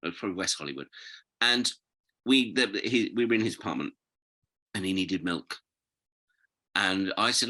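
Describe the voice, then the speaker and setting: Rambling British man, bright voice. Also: sits low, moderate pace, long pauses. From Britain. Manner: rambling, animated storyteller, goes off on tangents. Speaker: guest. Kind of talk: casual interview chat.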